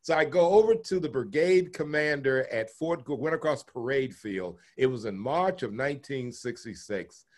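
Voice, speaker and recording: An older man from Texas being interviewed, telling long stories from his life with chuckles and lively quoted voices. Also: medium pitch, moderate pace, few pauses. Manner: animated storyteller, chuckles, acts out quoted voices. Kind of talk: oral history storytelling.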